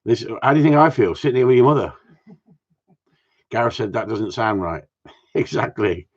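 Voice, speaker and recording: A man's voice: mid-range voice, expressive, moderate pace. A man with a chatty, joking manner, hosting a casual live stream for his followers. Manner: jokey, chatty, greets viewers by name. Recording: dull lo-fi stream audio.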